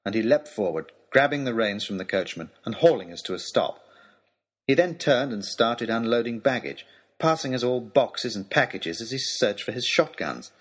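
A man's voice: medium pitch, expressive, moderate pace. A man narrating a humorous storybook letter with dry, wry delivery. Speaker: audiobook narrator.

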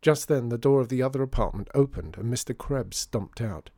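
A man narrating a children's storybook in a measured, hushed manner. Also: medium pitch, no room sound, clean studio sound.

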